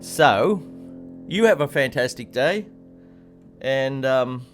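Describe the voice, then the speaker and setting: A man's voice: medium pitch, expressive, takes it slowly. An Australian man teaching piano on a live stream, chatting and encouraging viewers and greeting them by name. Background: piano playing.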